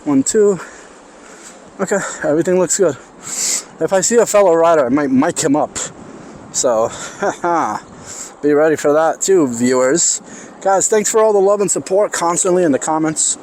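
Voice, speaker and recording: A man's voice: fairly high pitch, moderate pace, darkish tone, a little hiss or hum. A man with a New York accent vlogging while riding through city streets, rambling and thinking aloud with restarts, his voice a little strained and parched. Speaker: vlogger riding an electric unicycle. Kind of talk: casual vlog talk while riding. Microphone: clip-on mic while riding.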